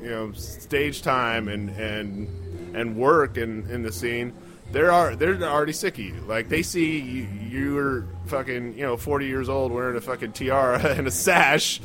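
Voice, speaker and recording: A man's voice: medium pitch, a little slow, over music. A man chatting casually on a podcast as a comedian, telling profane club stories and mimicking people. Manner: profane, loose storytelling with mimicked voices.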